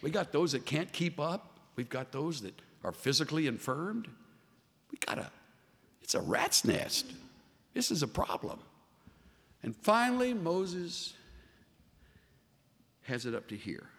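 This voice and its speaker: A man preaching a sermon as a pastor, animated and voicing the figures he quotes. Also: on the high side, measured pace, long pauses. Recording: long hall reverb.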